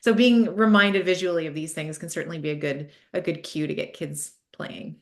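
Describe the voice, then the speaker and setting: A woman guest on a podcast, talking through her ideas in a thoughtful, measured way. She pauses often with soft ums. Her voice sits on the lower side for a woman. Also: steady tone. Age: adult parent. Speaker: author guest. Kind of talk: casual interview answers.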